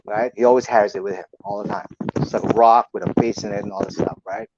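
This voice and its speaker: A man's voice: fairly low pitch, quick pace, vocal fry, dull audio, very noisy. A man, a guest on a talk show, telling a story casually and acting out the dialogue in it. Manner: acts out quoted dialogue, animated. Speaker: podcast guest, martial arts teacher.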